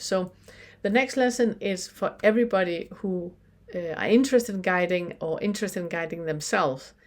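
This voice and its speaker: A woman, giving a recorded spiritual lesson in a gentle, reflective way with pauses and restarts. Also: fairly low pitch. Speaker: spiritual teacher.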